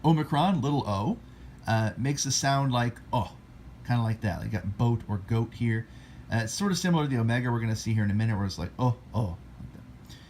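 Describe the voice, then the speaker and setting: Teaching the Greek alphabet casually, this man is animated and self-mocking, pronouncing letters slowly while his pitch swings up and down. The voice sits at medium pitch with a darkish tone, and a little hiss or hum runs underneath.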